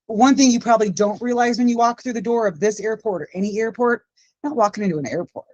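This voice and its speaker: A woman's voice: fairly high pitch, fast, a little mellow, dry recording, lo-fi sound. A woman in her forties giving an informal, heartfelt classroom talk as a guest speaker, with a runny nose. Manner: emotional, earnest storytelling. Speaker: guest speaker, aviation education manager.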